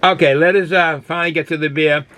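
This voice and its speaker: A man's voice: on the high side, fairly even intonation, fast talker, a bit bright. An older man with a Boston accent, reviewing beers in a rambling, folksy monologue from his home den, with lots of fillers and restarts. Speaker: beer reviewer. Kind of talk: casual product review monologue. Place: cool home den he calls a man cave.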